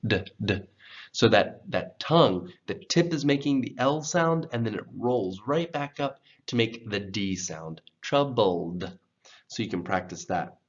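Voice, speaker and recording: A man teaching English pronunciation in a slow, careful lesson, patiently repeating words for learners. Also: fairly low pitch. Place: church program video. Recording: dull, lo-fi sound.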